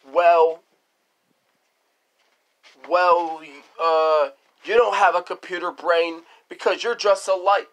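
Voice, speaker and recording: Slow, high-voiced man scolding. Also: steady tone, fairly bright tone. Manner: scolding and repetitive. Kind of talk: improvised cartoon monologue.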